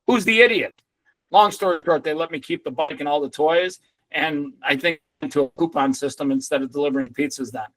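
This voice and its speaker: Animated storytelling man, dry sound. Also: fairly high pitch, fairly quick, dry recording, rough recording. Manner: animated, swearing, acts out other people's lines. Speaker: guest. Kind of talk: storytelling in a podcast interview.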